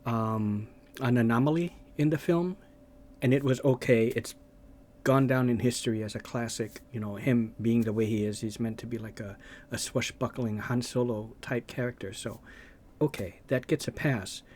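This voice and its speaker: A man's voice: mid-range voice, normal speed, darkish tone. A man making gaming videos, ranting casually and rambling, with lots of hesitations and restarts.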